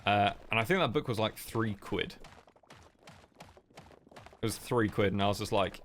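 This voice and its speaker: A young man, chatting casually on a livestream in a soft, sleepy-sounding, rambling way with lots of fillers. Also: fairly low pitch, moderate pace, long pauses, a little hiss or hum. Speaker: streamer.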